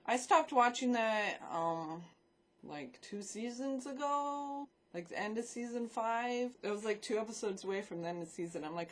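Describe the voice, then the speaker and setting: A woman vlogs into a desk microphone in a slightly high voice at a normal pace. She chats casually and rambles about films and shows she's watched, swearing freely.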